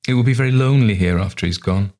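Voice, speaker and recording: A nervous, polite young woman talks hesitantly and keeps apologizing. A man reads her in an audiobook, raising his voice to play her. Her words come out soft and a little husky. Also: fairly low pitch, expressive, moderate pace, voice pushed up. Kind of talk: audiobook reading.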